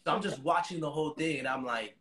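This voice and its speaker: Interview guest: a man with a higher, tense voice who talks in casual slang and swears freely. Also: fast talker, slight background noise. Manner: profane, animated retelling with slangy asides. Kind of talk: casual storytelling.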